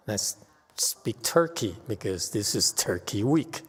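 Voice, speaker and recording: A middle-aged man giving an unscripted Dharma lecture, halting and full of fillers, bluntly stating his opinions. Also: fairly low pitch, sing-song, breathy edge. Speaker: Buddhist teacher giving a Dharma talk. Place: temple hall. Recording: long hall reverb.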